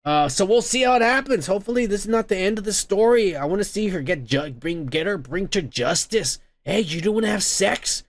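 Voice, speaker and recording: A man's voice: sits high, expressive, brisk, hardly any pauses, dry recording. A man hosting a comedy podcast, ranting crudely about the news, swearing constantly and laughing at his own jokes. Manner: profane, rambling, laughs often. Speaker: podcast host.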